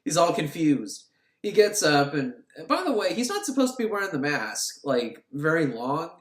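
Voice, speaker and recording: A man's voice: a little high, sing-song, moderate pace. Crude, sarcastic man recapping a film. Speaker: film reviewer. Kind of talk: comic movie recap. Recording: roomy echo.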